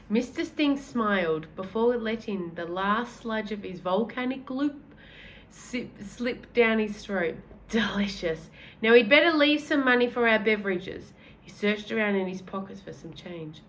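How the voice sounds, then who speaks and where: A woman's voice: mid-range voice, lively intonation, a little slow, a bit bright, rough recording. A woman reading a children's book aloud in a casual way, correcting her own slips as she goes. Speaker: reader.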